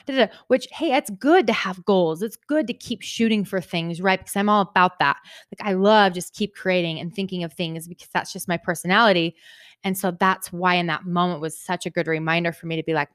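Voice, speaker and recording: Chatty woman podcast host, smooth dry voice. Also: on the low side, normal speed, no room sound. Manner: chatty, upbeat, frequent "right?" tags. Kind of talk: casual podcast monologue.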